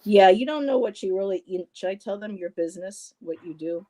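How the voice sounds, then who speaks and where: A woman's voice: medium pitch, lively intonation, brisk, dark tone, a little hiss or hum, poor audio. A woman hosting a casual livestream, reading viewer comments aloud and greeting people by name, with frequent ums and restarts. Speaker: livestream host.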